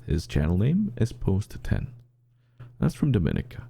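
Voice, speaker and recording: A man with a deep, dark voice and a gravelly edge tells stories on a casual podcast. His pitch rises and falls a great deal, and he often trips over and restarts his sentences. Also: normal speed, a little hiss or hum. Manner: animated storyteller, restarts often. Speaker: podcast co-host.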